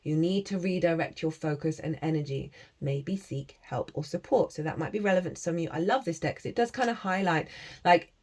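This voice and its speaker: Tarot reader woman, slightly low voice, casual and encouraging to camera, slips into chanted made-up syllables. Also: a little fast, few pauses, a little mellow. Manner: chatty, encouraging, with frequent laughs.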